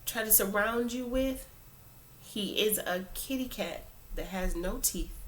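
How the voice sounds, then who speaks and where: A woman's voice: medium pitch, a little hiss or hum. A woman talking earnestly and informally to camera in a casual faith talk, preaching a little as she goes. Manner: informal phrasing with many fillers. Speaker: Christian vlogger.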